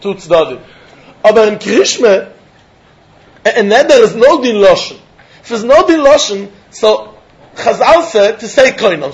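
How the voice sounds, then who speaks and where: High-voiced man giving a Talmud lecture. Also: a little slow, long pauses, dull audio. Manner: lively, questioning, mixes English with Yiddish and Hebrew terms. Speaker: Talmud teacher.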